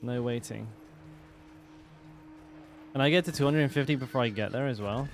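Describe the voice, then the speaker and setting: A man's voice: medium pitch, normal speed, gravelly, soft background music. A man casually commenting while he plays a game on stream, chatting with viewers and swearing now and then.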